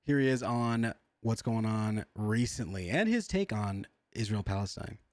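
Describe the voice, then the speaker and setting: Slangy excitable man streamer. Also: lowish voice, unhurried, dry recording. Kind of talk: livestream reaction commentary.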